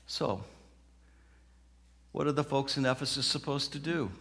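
A man preaching a sermon, telling stories and acting out the people in them, moving between soft, slow passages and loud outbursts. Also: mid-range voice. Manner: dramatic, acts out quoted voices, swings from soft to loud. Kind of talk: sermon with storytelling.

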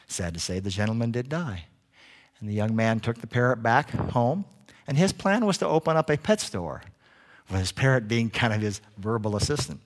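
A man preaching a sermon, telling a story in an animated way. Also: mid-range voice, normal speed. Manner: animated storyteller doing voices.

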